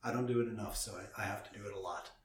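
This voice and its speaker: A man hosting a casual chat at a table, teasing his co-host and stalling with slow breathing exercises. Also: fairly low pitch, fairly even intonation, far from the mic. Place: indoors at a table. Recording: roomy echo.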